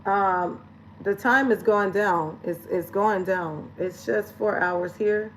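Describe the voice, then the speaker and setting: A woman's voice: medium pitch, measured pace, a little hiss or hum, rough recording. A woman lifestyle coach talking frankly and chattily straight to her viewers in a casual vlog, swearing now and then. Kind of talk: candid direct-to-camera vlog talk.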